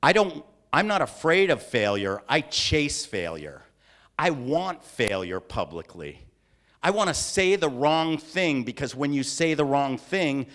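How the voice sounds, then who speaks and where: A man leading a live, interactive creativity talk for an audience, theatrical and animated, often acting out voices and scenes. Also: on the high side. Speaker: creativity workshop speaker. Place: lecture hall with audience.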